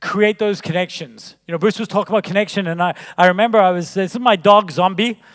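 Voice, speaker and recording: A man with a high voice delivers a conference keynote in a big hall whose long reverb trails after his words. He tells stories in a jokey, animated way and builds each one up to its punchline. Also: fast. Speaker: keynote speaker.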